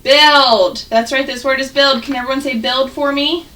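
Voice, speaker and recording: A woman teaching first grade on a video call, sounding out words slowly and clearly for young children. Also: high-pitched, fairly even intonation, pushed and bright, recorded from a distance, poor audio. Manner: slow, exaggerated sounding out of words. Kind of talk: online phonics lesson. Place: home, on a video call with students.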